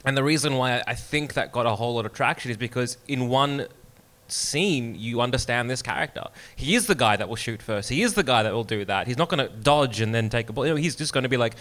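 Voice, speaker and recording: A man's voice: mid-range voice, fairly quick, a bit bright. A man speaking on a live comedy panel on stage, rambling enthusiastically with many fillers. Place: live stage before an audience.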